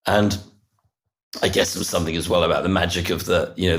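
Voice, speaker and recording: A middle-aged man with a lowish voice tells a personal story in an earnest, halting way. He often circles back with repeated words and restarts as he gathers his thoughts. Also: level tone, slight background noise. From United Kingdom. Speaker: podcast guest. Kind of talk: reflective storytelling interview.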